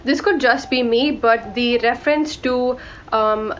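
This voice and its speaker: A young Indian woman, her voice a little high and her pace measured, chats casually about books she has read, rambling and correcting herself mid-sentence. She's a book vlogger, and the lo-fi audio sounds dull with faint music playing behind her.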